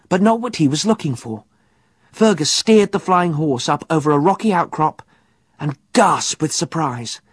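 A man narrating an adventure audiobook in an expressive, vivid storytelling manner. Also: a little high, husky, no room sound, studio quality.

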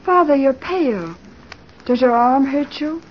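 A sweet, high-voiced young bride. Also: female voice, lively intonation, a little hiss or hum. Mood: doting. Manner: sweet, coaxing, drawn-out. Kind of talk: old-time radio drama. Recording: lo-fi old radio recording.

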